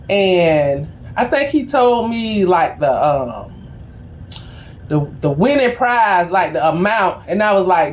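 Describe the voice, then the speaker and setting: Animated, slangy middle-aged woman. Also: lowish voice, measured pace, a little hiss or hum. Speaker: tarot reader. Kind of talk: casual storytelling before a tarot reading.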